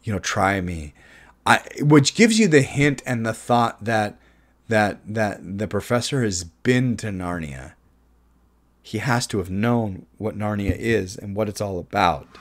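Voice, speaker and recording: Excitable, opinionated man reviewing films. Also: on the low side, unhurried. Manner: opinionated, excitable, voice jumping up when emphatic. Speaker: film reviewer. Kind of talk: casual spoken movie review.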